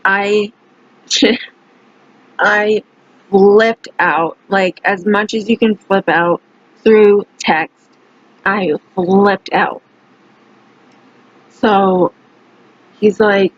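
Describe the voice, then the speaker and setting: A woman's voice: medium pitch, fairly even intonation, drawn-out words, long pauses, muffled recording. A young woman vlogger telling a story in a blunt, heated way, with heavy swearing. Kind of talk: casual storytelling rant.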